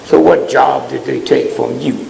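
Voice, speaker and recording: Gravelly man lecturing in an echoey hall. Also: medium pitch, a little slow, darkish tone, slight background noise. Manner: blunt, scolding, keeps asking "huh?" to the crowd. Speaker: speaker addressing a live audience. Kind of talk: fiery preaching-style lecture. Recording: echoey hall with long reverb.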